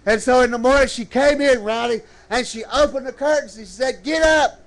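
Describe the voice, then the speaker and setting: With a very high voice, a man delivers a storytelling sermon at church, calling out to his listeners and dropping into slow, dramatic phrases.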